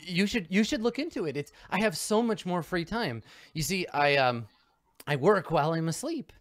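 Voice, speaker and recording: A man's voice: high-pitched, animated, no echo, clean studio sound, pitched above the performer's own voice. Man playing a rattled suburban mom. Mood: eager. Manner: halting, rattled and overly eager to please. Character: flustered, nervous suburban mother, middle-aged woman.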